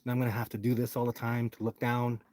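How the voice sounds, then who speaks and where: A man's voice: mid-range voice, monotone, fast, darkish tone, slight background noise. A man hosting his own live stream, talking casually and complaining in a frustrated, rambling way into a phone held close.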